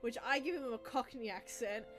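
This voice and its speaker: High-voiced, teasing woman. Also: normal speed, a bit bright, faint music behind. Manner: giggly, teasing remarks. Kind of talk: casual chat during a reading.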